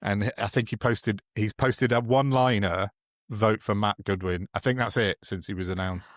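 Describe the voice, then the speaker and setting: A man's voice: fairly low pitch, normal speed, no echo, studio quality. A man co-hosting a casual political podcast, sardonic and chuckling often. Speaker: podcast co-host.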